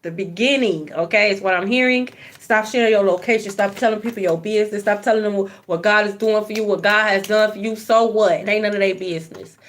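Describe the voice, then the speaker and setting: A woman's voice: medium pitch, fairly even intonation, fairly quick, few pauses, a little hiss or hum. A woman giving a spiritual card reading, blunt and profane, preaching and repeating phrases for emphasis. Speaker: tarot card reader.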